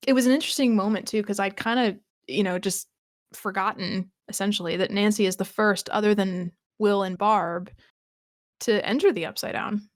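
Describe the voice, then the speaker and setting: A woman's voice: mid-range voice, steady tone, moderate pace, no room sound. Chatty woman podcaster, dry close sound. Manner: chatty, thinking aloud with frequent restarts and laughs. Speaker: podcast co-host. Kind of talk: casual rewatch podcast chat.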